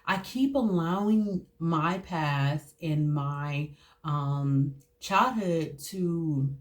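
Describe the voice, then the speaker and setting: A woman, telling her own story in a candid, halting way with many fillers and restarts. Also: low voice. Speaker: host. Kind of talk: personal storytelling to camera.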